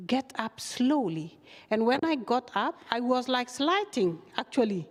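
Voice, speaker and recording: Woman guest, halting speech with lots of fillers, talk recorded in a hall. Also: fairly high pitch. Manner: halting, many fillers, animated retelling. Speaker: guest, refugee activist. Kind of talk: casual interview storytelling. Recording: long hall reverb.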